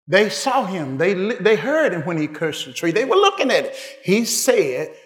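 A man preaching a sermon, building to shouted climaxes and then dropping to hushed, quiet lines. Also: sits high, very animated, normal speed, echoey room.

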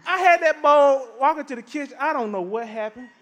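A man's voice: very high voice, brisk, long reverb tail. A middle-aged man preaching a sermon, telling folksy stories with lots of laughter. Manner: animated, folksy storytelling with laughter. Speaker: pastor.

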